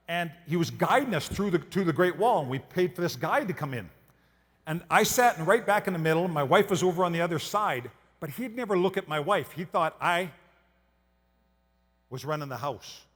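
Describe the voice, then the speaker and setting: A man's voice: sits high, fairly bright tone, in a large hall. A man from Canada giving a motivational keynote talk. He tells folksy stories and asks the audience questions. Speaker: motivational speaker.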